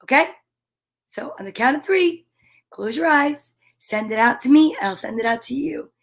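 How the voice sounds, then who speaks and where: A woman reading picture books aloud to children from her home studio, playful and animated, doing animal sounds. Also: high-pitched, normal speed, gravelly. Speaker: children's story reader.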